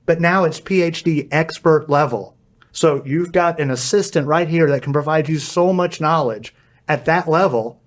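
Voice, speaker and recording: Energetic man explaining on a podcast. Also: on the high side, moderate pace. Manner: energetic, explanatory, acts out quoted dialogue. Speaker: podcast guest, AI consultant. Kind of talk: podcast interview.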